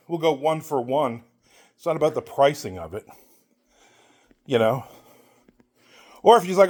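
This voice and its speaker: A man's voice: on the high side, lively intonation, normal speed, pauses often. A middle-aged man who hosts his own channel, giving a blunt, rambling opinion while out on a walk and acting out the people he quotes. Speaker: author and channel host. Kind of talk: casual opinion monologue while walking.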